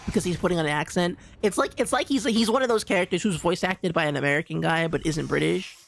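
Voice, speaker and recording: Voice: mid-range voice, fast, gravelly, fairly bright tone. A game streamer giving casual gameplay commentary, rambling with lots of restarts and repeats and an easy "dude" here and there. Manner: calls people "dude".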